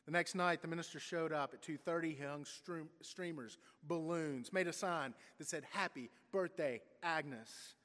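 A man's voice: fairly high pitch, moderate pace, hardly any pauses, fairly bright tone. A man, a pastor, tells a story in a sermon, briefly voicing its people. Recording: long church reverb.

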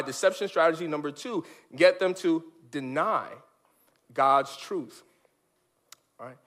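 Animated man preaching to kids. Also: a little slow, pauses often. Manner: animated and emphatic, with big swings between high and low. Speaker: children's pastor. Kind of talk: sermon for kids.

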